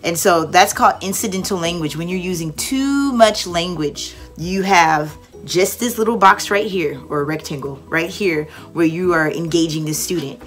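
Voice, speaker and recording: A young woman mentoring online English teachers in a casual, lively way, acting out a cheerful classroom voice at times. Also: lowish voice, normal speed, hardly any pauses, soft background music. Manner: lively, demonstrates with exaggerated teacher voice. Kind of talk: casual instructional talk.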